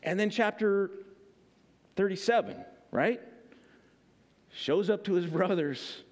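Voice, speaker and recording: Male pastor preaching loose and chatty, higher voice, lots of "right?". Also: animated, slow, a little mellow. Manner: conversational, filler-heavy, keeps asking "right?". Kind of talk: sermon.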